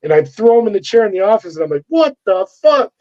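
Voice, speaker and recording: A man's voice: sits high, rapid-fire. A middle-aged man, a former corrections officer, telling a story in an interview and acting out the voices of the people in it. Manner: animated storyteller acting out dialogue. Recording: dull lo-fi sound.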